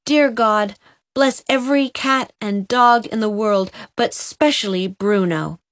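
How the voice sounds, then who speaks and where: A woman's voice: a little high, slow. A woman voicing an eager, tender-hearted young boy in a storybook reading. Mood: excited. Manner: eager, breathless pleading.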